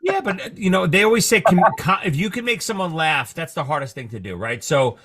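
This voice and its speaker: Bright, animated male podcast host. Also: on the high side, fairly quick. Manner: animated storytelling, cursing. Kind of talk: casual chat.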